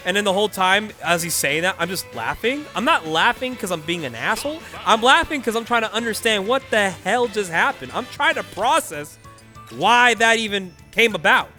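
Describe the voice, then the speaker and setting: Animated slangy young male commentator. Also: high voice, normal speed. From California Bay Area. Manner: animated, slangy, laughing storyteller. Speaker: tournament commentator. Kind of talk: casual storytelling commentary. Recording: faint music behind.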